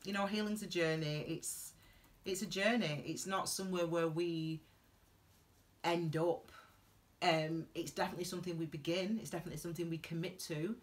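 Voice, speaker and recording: A woman gives earnest, heartfelt advice in a reflective vlog monologue, rambling and halting with frequent restarts and tangents. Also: lowish voice, fairly even intonation. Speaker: tarot reader giving advice.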